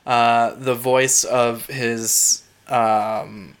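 A man's voice: mid-range voice, level tone, extremely slow, smooth. A man co-hosting a podcast in easygoing casual chat, laughing often and restarting sentences. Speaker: podcast co-host.

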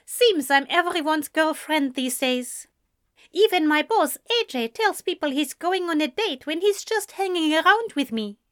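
A woman reading an audiobook, voicing a cheerful young female shop worker with a Spanish accent and a bright, teasing manner. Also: high-pitched, expressive, a little slow, voice pushed up. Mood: friendly teasing.

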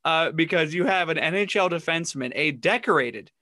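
A man's voice: on the high side, lively intonation, brisk, pushed and bright, no echo, studio quality. A man co-hosting a casual sports podcast, recounting funny stories and laughing often. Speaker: podcast co-host.

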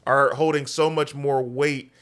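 A man co-hosting a casual podcast, giving measured, emphatic opinions. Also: mid-range voice, steady tone, fairly bright tone, smooth. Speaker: podcast co-host. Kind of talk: casual chat.

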